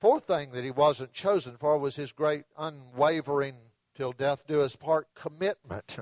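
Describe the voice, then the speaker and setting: A man preaching a sermon in a conversational storytelling way, dropping to soft low tones for the dramatic moments. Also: measured pace, no room sound. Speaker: pastor.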